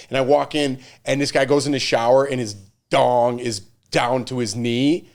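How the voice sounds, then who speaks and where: A young adult man co-hosting a casual chat, relaxed and joking as he shares advice and stories. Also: mid-range voice, normal speed, gravelly, few pauses. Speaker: co-host.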